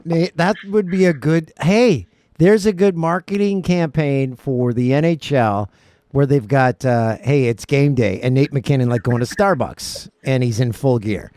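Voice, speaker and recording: A man's voice: mid-range voice, a little slow, darkish tone, dry recording. A man hosting a casual hockey talk show, trading playful jokes and banter with his co-host. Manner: playful, joking, banter-driven. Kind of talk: casual sports podcast talk.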